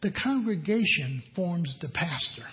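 An older man preaching a sermon as pastor, slow and emphatic, repeating his key lines. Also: sits high, animated. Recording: dull lo-fi audio.

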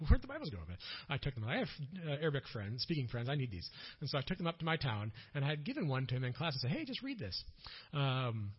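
A man's voice: mid-range voice, breathy edge, lo-fi sound. A man with a Minnesotan accent, a missionary speaker telling a story to an audience in a conversational way, with many fillers and self-corrections.

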